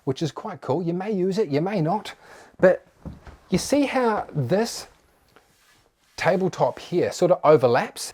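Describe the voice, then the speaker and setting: A man's voice: high-pitched, a little mellow. A man hosting a tiny home tour vlog, chatty and upbeat as he walks through the rooms. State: a little out of breath.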